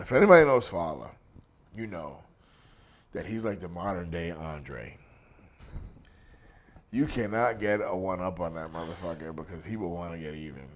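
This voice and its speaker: With a low voice and a faint hiss or hum on the audio, a middle-aged pro wrestler recounts a crude road anecdote while being interviewed. He's relentlessly profane and keeps laughing at his own tale.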